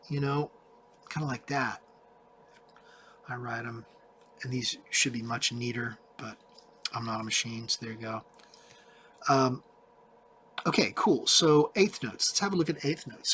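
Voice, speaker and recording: A man's voice: mid-range voice, noisy background. A man giving a casual music tutorial, chatting loosely and counting and singing rhythms aloud as he writes notes. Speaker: music teacher.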